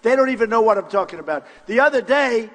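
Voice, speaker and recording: An older man giving a boastful, repetitive campaign rally speech in short punchy phrases, often shouting to the crowd. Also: very high-pitched, lively intonation, fast talker. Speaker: political candidate at a rally. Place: large university hall with crowd. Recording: long hall reverb from a live rally.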